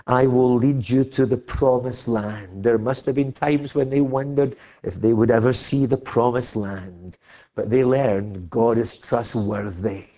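An older man with a Scottish accent preaching a sermon, building to loud, emphatic declarations. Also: medium pitch.

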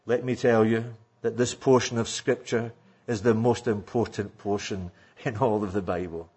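A man imitating an older preacher who solemnly declares a passage the most important in scripture, with a husky voice. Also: lowish voice, fairly even intonation, moderate pace, a little mellow, pitched below the performer's own voice.

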